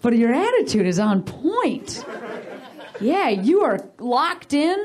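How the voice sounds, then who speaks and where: A woman hosting a comedy show, teasing audience members in quick crowd-work banter from the stage. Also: high voice, big pitch swings. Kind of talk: crowd work between acts. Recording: live club with audience laughter.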